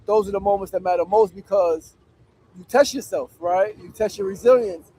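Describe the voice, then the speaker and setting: A man's voice: sits high, moderate pace, warm tone, rough recording. A middle-aged man hosting a livestream outdoors, talking in an emphatic, profane, preachy way about staying disciplined. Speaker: livestream host on a public fast. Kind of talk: casual motivational livestream talk. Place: outdoors on a city street. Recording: faint urban street noise.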